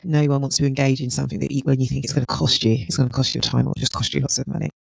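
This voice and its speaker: A woman talks through a solo podcast episode with a gravelly, creaky texture to her voice. The sound is close and dry, with no room around it. She speaks in a measured way, posing a run of reflective questions to her listeners. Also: a bass voice, fairly even intonation, no echo, rough recording. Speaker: podcast host and healthcare consultant.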